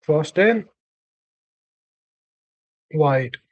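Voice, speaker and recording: A man's voice: on the high side, animated, very slow, highs cut off. A man streaming a live football watchalong, giving dry, rambling chat and calling out plays. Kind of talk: casual match commentary and chat.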